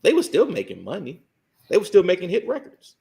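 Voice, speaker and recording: A man's voice: sits high, huge pitch swings, fairly quick, vocal fry, warm tone. A man co-hosting a casual podcast discussion, arguing his points step by step. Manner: argumentative, builds points step by step.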